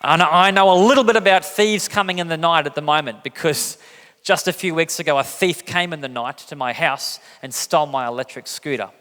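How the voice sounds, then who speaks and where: A man's voice: brisk, bright, forceful tone. A man preaching a sermon in a casual, joking way, acting out quotes with big jumps in his voice. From England. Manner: conversational, jokey, acts out quotes with big pitch jumps. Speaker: pastor. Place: church hall. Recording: church hall reverb.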